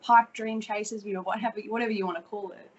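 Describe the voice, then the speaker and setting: A woman's voice: mid-range voice, steady tone, fast talker, slightly rough, lo-fi sound. A woman in her thirties with an Australian accent, chatting energetically as a podcast guest and swearing casually. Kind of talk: casual interview chat.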